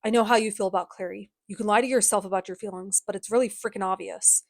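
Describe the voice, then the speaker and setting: A woman's voice: medium pitch, steady tone, fast, no echo, clean studio sound, natural voice. A woman voicing an earnest, tired young man in a casual book recap.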